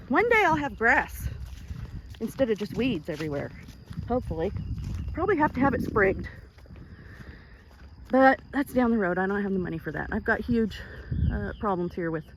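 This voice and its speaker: A Texan woman vlogging as she walks her ranch, chatty and a little out of breath, switching into a high sing-song baby voice when she talks to her animals. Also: noisy background. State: slightly out of breath. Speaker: ranch owner. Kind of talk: casual walking vlog. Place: outdoors on a rural ranch property. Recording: outdoor ambience with animal noises.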